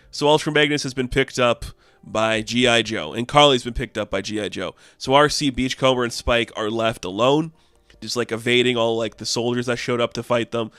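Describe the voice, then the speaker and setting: A man casually reviewing a comic book, chatty and excitable, with lots of fillers. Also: mid-range voice, clear, resonant tone, no echo.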